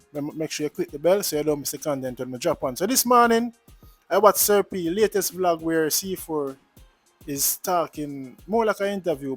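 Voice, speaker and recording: A man's voice: a little high, no echo. A man with a Jamaican accent talking casually to his viewers in a vlog, earnest and repetitive, mixing in patois. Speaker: vlogger.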